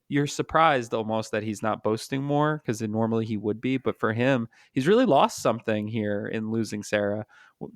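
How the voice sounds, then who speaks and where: A man's voice: on the low side, gravelly, no echo. Man, podcast co-host, casual chat, thoughtful, hesitant, dry sound. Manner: thoughtful, hesitant with many fillers.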